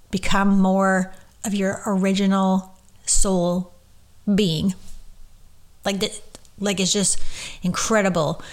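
A woman who works as a medium, hosting a casual solo podcast and talking in a gushing, rambling way full of fillers. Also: medium pitch.

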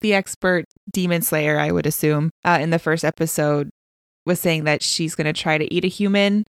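A woman's voice: low voice, steady tone, clear, resonant tone, no room sound. Female co-host, enthusiastic casual chat, close dry mic. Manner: enthusiastic, laughs often, quick reactions. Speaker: podcast co-host. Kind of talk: casual chat reviewing an anime.

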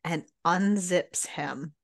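A woman's voice: lowish voice, very slow. A woman co-hosting a book club podcast, chiming in with wry, teasing comments in casual chat. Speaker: podcast co-host. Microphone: podcast mic.

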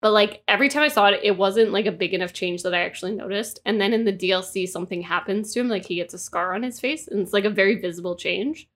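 A woman co-hosting a podcast, telling stories in an animated way and swearing freely. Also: medium pitch, quick pace, hardly any pauses. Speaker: podcast co-host. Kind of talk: casual chat.

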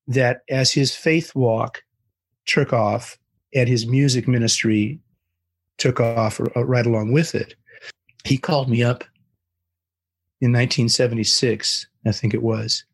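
An older man who is a guest on an interview, telling a story with animated, acted-out quotes. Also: medium pitch, a little slow, long pauses, slightly rough.

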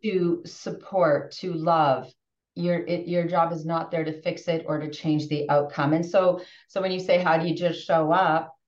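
A woman in her fifties chatting as a podcast guest, animated and emotional, often restarting her sentences. Her voice sits on the lower side. She sounds set back from the mic in a roomy space, with muffled audio. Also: unhurried, distant mic. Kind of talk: casual podcast conversation.

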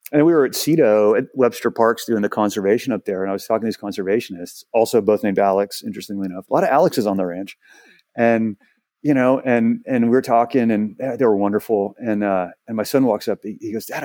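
A man in his forties from Houston, a guest telling animated stories in a casual interview, full of restarts and asides. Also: on the low side, fast talker, dry recording, clean studio sound. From Houston, Texas. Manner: animated, chatty, many restarts.

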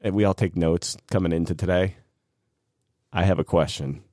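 Dry-sounding, lower-voiced male podcast host. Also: steady tone, moderate pace, a little mellow, no room sound. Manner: storytelling, laughs often. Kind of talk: casual chat.

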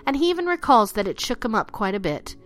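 Female storyteller, bright higher voice, animated and dramatic, dipping low for the spooky lines. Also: faint music behind. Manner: expressive, drops low and slows for spooky lines. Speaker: narrator.

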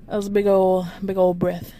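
A woman hosting her own podcast, rambling casually and goofily while encouraging her listeners with warm affirmations. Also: mid-range voice, a little hiss or hum. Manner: goofy, rambling, hypes listeners up; affectionate, encouraging. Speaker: podcast host. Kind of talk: casual motivational monologue.

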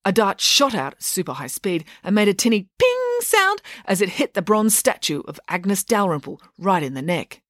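A woman's voice: medium pitch, sing-song, normal speed, few pauses, fairly bright tone, dry recording, clean studio sound. A woman narrating a children's story as an audiobook, in a playful and wry storytelling manner.

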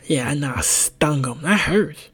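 Young male podcast co-host; casual, animated storyteller who swears freely. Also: a little high, a little slow, husky. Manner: animated, swears freely, laughs through stories.

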